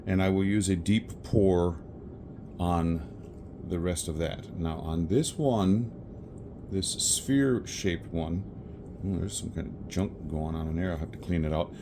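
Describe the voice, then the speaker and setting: Against a noisy background, a man with a deep voice talks through a resin pour at a measured pace. He's filming himself on a tripod in his home craft space, rambling along, fixing his own mistakes and chuckling at them.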